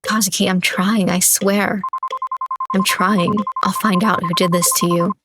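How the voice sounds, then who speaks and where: A woman's voice: mid-range voice, steady tone, measured pace, over loud music, natural voice. A woman voicing a guilt-ridden spouse who pleads desperately with a ghost, her voice raised and strained. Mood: pleading.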